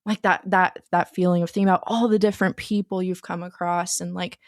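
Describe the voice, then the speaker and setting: A woman's voice: on the low side, level tone, fairly quick, no echo, studio quality. A young woman co-hosting a casual film podcast, eagerly retelling scenes she loved. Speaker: podcast co-host.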